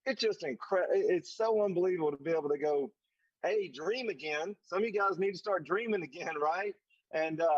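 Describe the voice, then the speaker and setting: A man's voice: sits high, moderate pace, breathy edge, dry recording, highs cut off. A man giving a motivational leadership talk in a folksy, emphatic way, often repeating his phrases for effect. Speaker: leadership summit speaker. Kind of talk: motivational speech.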